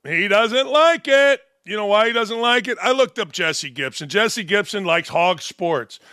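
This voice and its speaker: A man's voice: high-pitched, lively intonation, a little slow, pushed and bright, clean tone, dry recording, clean studio sound. A man in his sixties hosting a show, ranting in a mocking, sarcastic way with heavy emphasis. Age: 60s. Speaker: host. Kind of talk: sarcastic commentary rant.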